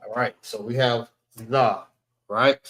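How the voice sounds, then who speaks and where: Slow-spoken man teaching, echoey room. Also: medium pitch, fairly even intonation, a bit bright. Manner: slow, repetitive, spells out sounds one by one. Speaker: class teacher. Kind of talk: classroom language lesson. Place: library meeting room.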